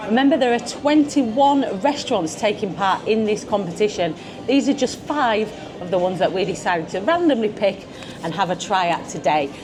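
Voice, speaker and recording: A woman's voice: mid-range voice, expressive, normal speed, music in the background. A woman vlogging at a beachfront restaurant, chatting casually as she tastes tapas and hums her approval at each bite. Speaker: food vlogger. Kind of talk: casual food-tasting commentary. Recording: busy restaurant crowd behind.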